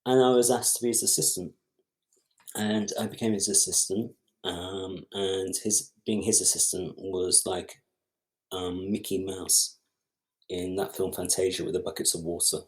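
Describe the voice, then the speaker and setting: A man's voice: low voice, unhurried. A middle-aged man, a film director and podcast guest, telling a long anecdote and acting out other people's lines as he goes. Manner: lively storyteller who acts out other people's lines. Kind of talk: anecdotal storytelling in conversation.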